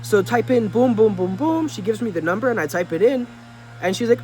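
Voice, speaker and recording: A man's voice: high-pitched, animated, brisk, darkish tone, slight background noise. A young man telling a story in a casual vlog, slangy and full of fillers, acting out dialogue in different tones, recorded outdoors. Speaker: vlogger. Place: outdoors, rain and a passing vehicle.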